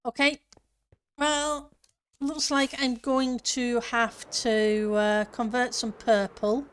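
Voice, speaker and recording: A woman's voice: fairly high pitch, flat delivery, slow pace, clean tone. A woman streamer chatting casually with her viewers and answering chat while she plays a building game. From northern part of her country.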